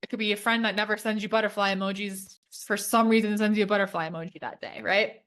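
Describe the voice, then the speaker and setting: A woman co-hosting a podcast who tells her stories in a lively, chatty way. She talks at a middle pitch and fills her sentences with fillers and restarts. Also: fast. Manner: animated storyteller, lots of fillers. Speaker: podcast co-host. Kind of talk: casual chat.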